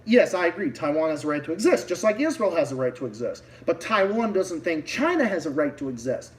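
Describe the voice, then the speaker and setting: A man with a Boston accent rants about politics on a livestream, swearing freely and often restarting mid-sentence. His voice sits a little high for a man. He sounds slightly distant, as if sitting back from the microphone. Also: big pitch swings, brisk. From Massachusetts. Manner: heated, profane ranting with many restarts. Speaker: livestream host.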